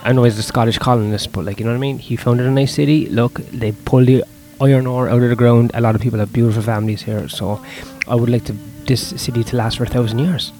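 A man's voice: medium pitch, steady tone, fast talker, few pauses, mellow. A young man, a stand-up comedian talking through his gigs in a casual, profane, self-deprecating ramble, with faint music behind him. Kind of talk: casual vlog monologue.

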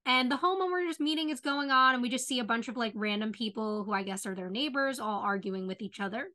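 Bright, animated woman podcast co-host. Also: on the high side, fairly quick. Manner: animated, opinionated, says "like" often. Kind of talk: casual chat about a TV show.

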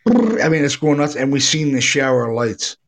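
A middle-aged paranormal investigator with a fairly high-pitched voice tells a ghost story at a moderate pace. His retelling is casual and rambling, full of free swearing, and he acts out what people said.

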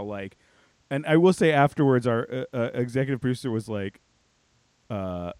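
A man co-hosting a casual chat, telling a story in an animated, filler-heavy way and quoting himself and others. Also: mid-range voice, brisk, dry recording.

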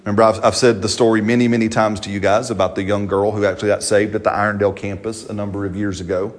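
A pastor with a fairly low voice preaches to his church congregation. He talks like he is chatting, tells stories and laughs at the funny parts. He keeps asking "right?" to check in with his listeners. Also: little pitch movement, fast talker. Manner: conversational, storytelling, frequent "right?" tags; laughs while telling funny anecdotes. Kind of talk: sermon. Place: church service before a congregation.

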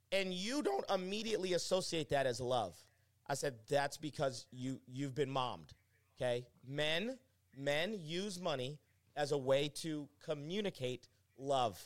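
A young man, a pastor, talking as a guest in a casual conversation and telling stories emphatically. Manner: animated, emphatic storytelling with pitch swings.

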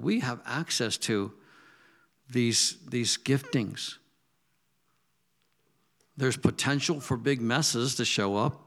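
A man's voice: medium pitch, takes it slowly, long pauses. Conversational Midwestern preacher man. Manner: conversational, animated storytelling with quoted asides. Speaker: pastor. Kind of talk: sermon.

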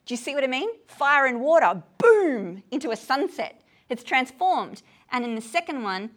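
A woman gives a talk on a poem to a gathered group in a room, tired, animated and often checking that her listeners follow. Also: a little high, normal speed. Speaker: lecturer on poetry.

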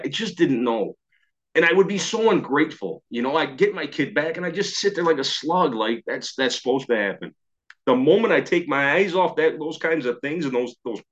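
A middle-aged man from New York speaks at a medium pitch, telling his own recovery story to a meeting. He acts out his past thoughts and chuckles at himself now and then. The sound comes through a slightly dull video-call connection. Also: fairly bright tone.

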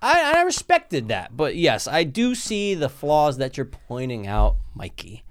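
A man's voice: fairly high pitch, wildly swooping pitch, unhurried. A man co-hosting a casual movie review podcast, laid-back and joking, often calling his co-host dude.

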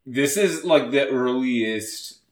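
A man's voice: medium pitch, slow pace. A man co-hosting a podcast in casual chat, with a dry, teasing manner. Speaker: podcast co-host. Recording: roomy echo.

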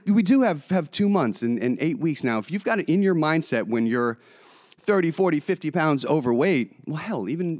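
A man with a fairly high voice talks like a blunt fitness coach in casual conversation. He is encouraging but swears freely, with a direct, no-nonsense manner. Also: darkish tone. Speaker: fitness coach and podcast co-host. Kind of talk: casual chat.

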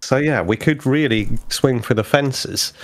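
A man's voice: mid-range voice, measured pace. A man co-hosting a podcast, chatting casually and thinking aloud about worldbuilding for a tabletop game. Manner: chatty, thinks aloud, frequent swearing and laughs. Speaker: podcast co-host.

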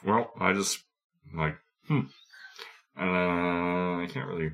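A man playing in a tabletop game, speaking in a hesitant, halting way. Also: sits low, a bit bright. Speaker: player. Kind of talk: casual tabletop game chat.

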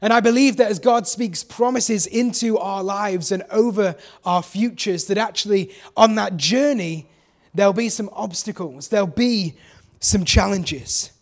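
A man preaching a sermon, animated, asking the congregation questions and acting out the people he quotes. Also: high voice, measured pace.

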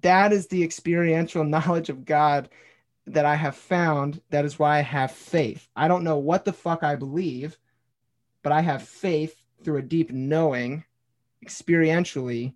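In a fairly high, steady voice and at a slightly slow pace, a man reads aloud from his own journal on a casual podcast. He used to be a pastor and now tends bar, and he tells his personal story earnestly, with occasional swearing and frequent "dude" and "like."

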